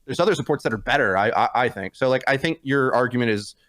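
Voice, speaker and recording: A man in a casual podcast chat about a video game. He rambles, restarts sentences and fills pauses with fillers. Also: medium pitch, expressive, fairly bright tone. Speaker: podcast guest. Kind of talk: casual gaming discussion.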